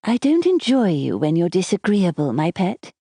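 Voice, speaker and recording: A woman's voice: low voice, big pitch swings, measured pace, breathy edge, dry recording, clean studio sound, full character voice. A woman voicing a cold, manipulative novelist. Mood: silky. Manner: silky, then sharp and commanding.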